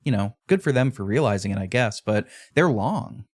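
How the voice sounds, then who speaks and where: A man's voice: lowish voice, expressive, normal speed, no room sound, studio quality. A man with a slight Pittsburgh accent, talking casually as a podcast co-host, chatty, laughing often and correcting himself mid-sentence. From Pittsburgh area.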